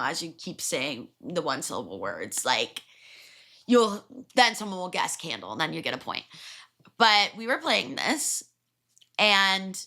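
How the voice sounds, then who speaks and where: Lively bright-voiced young woman podcaster. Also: fairly low pitch. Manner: chatty and crude, laughs often, lively asides. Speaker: podcast host. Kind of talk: casual solo podcast chat.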